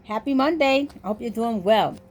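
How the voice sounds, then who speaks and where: Animated woman telling a story. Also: on the high side, moderate pace, slight background noise. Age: adult. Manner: animated, voices the people in her story. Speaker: vlogger. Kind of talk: casual storytelling.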